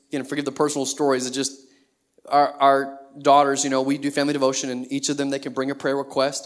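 A pastor in his thirties preaches in an easy, conversational way, tossing out rhetorical questions to the congregation. His voice sits a little higher than most men's. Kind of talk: sermon.

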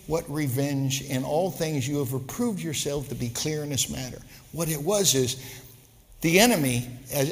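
Rambling, high-voiced male pastor preaching. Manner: rambling, repeats words, humorous asides. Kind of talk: sermon. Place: church sanctuary. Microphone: live-streamed service mic. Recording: long church reverb.

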